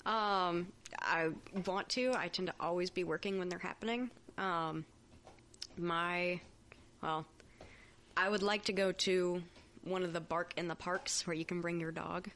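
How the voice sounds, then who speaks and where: A woman's voice: on the low side, steady tone, fairly bright tone, slight background noise. A woman co-hosting a podcast, easygoing and wry in casual chat. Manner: easygoing, wry, quick laughs. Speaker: podcast co-host.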